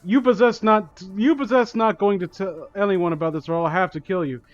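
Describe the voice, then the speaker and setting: A man's voice: sits high, a little fast, no room sound, muffled recording, soft background music, lightly acted. A man voicing a creepy male teacher in a vague put-on accent, smarmy. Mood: menacing. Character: creepy male teacher, middle-aged, predatory.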